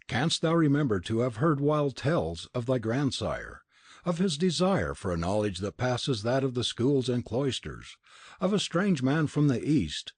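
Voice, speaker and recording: A man voicing a grave, prophetic sage from the East with a deep, sweet, foreign-accented voice and solemn archaic speech. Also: darkish tone, husky, no echo. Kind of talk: audiobook character reading.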